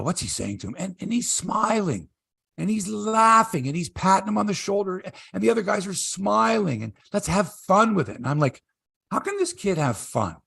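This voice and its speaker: A man's voice: creaky, husky, dry recording, studio quality. A middle-aged man hosting a sports podcast in casual chat, telling stories and acting out quotes in a raised voice. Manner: animated storyteller, acts out quotes in a high voice.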